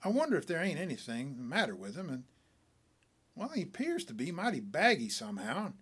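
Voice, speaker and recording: A man puts on a frontier gambler who drawls with easy, careless pride, his folksy talk rising and dipping in a lively sing-song. The voice sits a little high for a man. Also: brisk, slightly rough, full character voice. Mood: puzzled.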